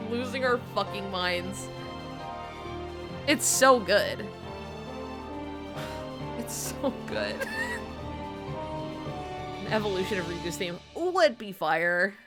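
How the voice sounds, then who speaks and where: A woman streamer chatting casually and excitably, swearing and laughing often. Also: on the high side. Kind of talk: casual chat.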